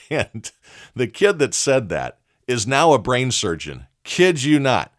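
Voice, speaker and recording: A man's voice: medium pitch, big pitch swings, measured pace. A man hosting a leadership podcast, telling a candid, folksy story and chuckling often. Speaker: podcast host.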